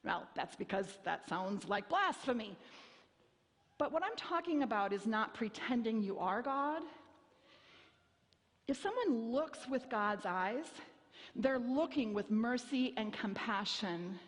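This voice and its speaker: A woman's voice: a little high, animated, slow. Woman pastor preaching in a reverberant church. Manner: storytelling, wry and self-mocking, acts out voices. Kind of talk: sermon. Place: church sanctuary. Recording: long hall reverb.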